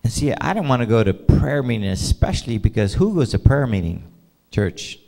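A male pastor telling a personal story in a sermon, animated and casual, laughing often and filling gaps with "you know". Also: mid-range voice, brisk, gravelly.

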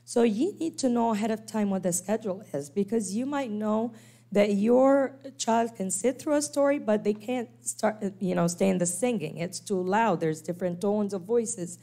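A woman's voice: mid-range voice, moderate pace. A woman lecturing to church teachers on special needs kids, acting out parents and children as she explains. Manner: animated, acts out quoted parents and kids.

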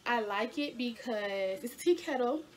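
Chatty high-voiced young woman vlogger. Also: normal speed. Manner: chatty, addresses viewers as y'all. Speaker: lifestyle vlogger. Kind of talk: casual haul video chat.

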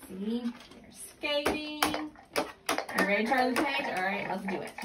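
A woman speaks to her little one in a bright, lively sing-song, her pitch set a little high and bouncing up and down as she encourages each small step. She is patient and coaxing, like a parent leading a play session. There is noticeable hiss and noise over the home recording. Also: a little slow. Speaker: mother and caregiver. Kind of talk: coaching a young child through play.

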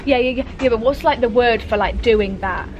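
A woman's voice: fairly high pitch, a little fast, dull audio, music in the background. A young woman in casual vlog chat, bubbly and exclaiming often, filmed on a handheld camera in a warehouse. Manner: chatty, bubbly, lots of likes and exclamations. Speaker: vlogger. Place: beauty warehouse, indoors.

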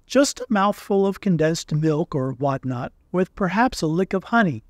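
A man voicing a gentle, simple-minded little male toy bear who speaks humbly and a bit wistfully. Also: high voice, animated, normal speed, no room sound, clean studio sound. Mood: dreamy.

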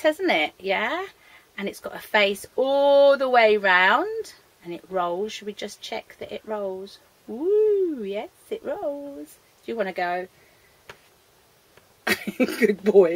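A woman's voice: medium pitch, a bit bright. A woman teaching a young children's maths lesson, talking in a sing-song, coaxing way to the children and to a puppet. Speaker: early years maths teacher.

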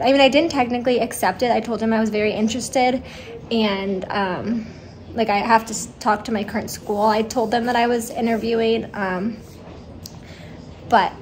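A young woman teacher chatting excitedly in a casual vlog, with many "like"s. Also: on the high side, a little hiss or hum. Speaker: teacher and vlogger.

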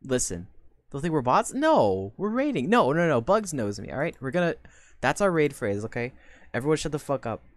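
Giggly woman streamer with wildly swinging pitch. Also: normal speed, no room sound. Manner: excitable, bursts into laughter and loud exclamations; swears casually, talks to chat. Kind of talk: live stream reaction.

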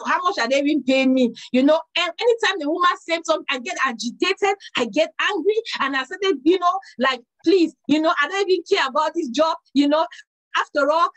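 A middle-aged woman preaching a sermon, telling a personal story with lively quoted dialogue. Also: sits high, poor audio.

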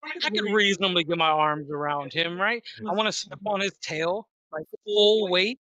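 A player in an online tabletop game, eager and quick to laugh, asking about rules and rolls. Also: medium pitch, bright, forceful tone, no room sound, highs cut off. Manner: eager, laughs often, asks rules questions.

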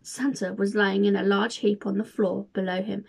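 A woman reads a children's chapter book aloud, leaning into the drama of each scene. Her mid-range voice has a gravelly, creaky texture. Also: mid-range voice, normal speed. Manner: expressive, dramatic storytelling. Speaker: volunteer reader. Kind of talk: storybook read-aloud.

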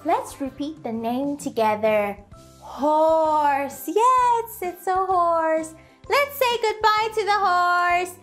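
A woman teaching toddlers in a slow, sing-song lesson voice, asking exaggerated, cheerful questions and drawing out her words. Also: very high voice, lively intonation, fairly bright tone. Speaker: children's teacher. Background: faint background music.

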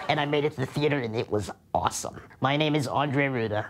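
A man's voice: on the high side, fast. A male comedian spinning a funny personal anecdote. His delivery is dry and matter-of-fact, and he breaks into brief acted-out quotes as he goes. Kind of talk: comic storytelling to an audience.

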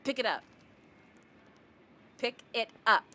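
A young-sounding woman chats with her stream audience in a high, bright voice, laughing easily and greeting people with pirate-style ahoys. Her pitch swoops widely as she jokes, and soft game music plays in the background. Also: expressive, slow pace, a little hiss or hum. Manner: giggly and playful, greets chat with pirate ahoys. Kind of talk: casual live-stream chat while gaming.

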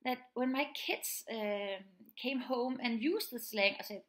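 A woman's voice: fairly high pitch, a little slow, a bit bright. Woman teacher, earnest and explaining. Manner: earnest, explaining plainly, often acts out quoted speech. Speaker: teacher of pupils with autism. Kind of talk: spoken presentation.

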